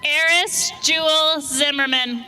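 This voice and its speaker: Bright, high-voiced woman reading names. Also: takes it slowly, some chatter behind, low-quality recording. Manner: clear, steady enunciation of each name. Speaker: ceremony announcer reading graduates' names. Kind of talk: unhurried name reading.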